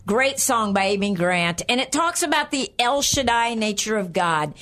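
A woman's voice: fairly high pitch, very animated, moderate pace, a bit bright. An older woman co-hosting a Christian program, giving a chatty Bible teaching with frequent laughs and check-ins.

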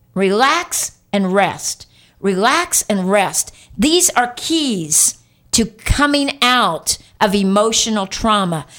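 A woman's voice: high-pitched, fairly bright tone. A woman preaching a sermon in an earnest, conversational way, stretching out words for emphasis as she reads scripture.

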